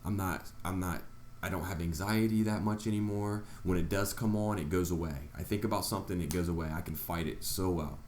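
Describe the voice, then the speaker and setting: A man's voice: low voice, brisk, darkish tone, roomy sound, a little hiss or hum. A man vlogger earnestly telling a personal story, acting out his own reactions along the way. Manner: earnest, retelling events with quoted reactions.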